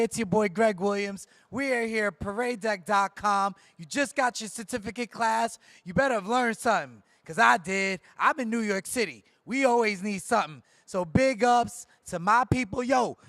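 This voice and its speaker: A man hosting at a live conference stage, giving loud, playful shout-outs and jokes like a hype man. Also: high voice, normal speed, few pauses, no room sound, studio quality. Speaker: event host.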